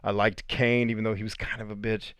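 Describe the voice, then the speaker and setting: A man hosting a casual livestream, chatting with viewers in an animated, joking way and swearing freely. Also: lowish voice, brisk, clear, resonant tone, dry recording, studio quality. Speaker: podcast host answering live chat.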